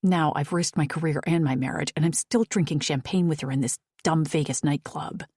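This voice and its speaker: A woman voicing an exasperated woman doctor who speaks bluntly, in a low husky voice. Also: fairly quick, a little mellow, no room sound, studio quality. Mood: frustrated. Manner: frustrated, blunt.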